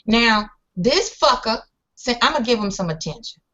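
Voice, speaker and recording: A woman's voice: a little high, expressive, normal speed, pushed and bright, lo-fi sound. A woman co-hosting a casual online chat show, sassy and teasing, speaking over a voice call.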